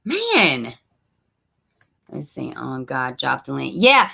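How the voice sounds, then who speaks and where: A woman hosting a casual livestream, chatting straight to her viewers and reading their comments aloud, with soft asides under her breath. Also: a bass voice, huge pitch swings, slow, vocal fry, slightly rough. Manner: frequent soft asides while fiddling with links. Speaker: livestream host.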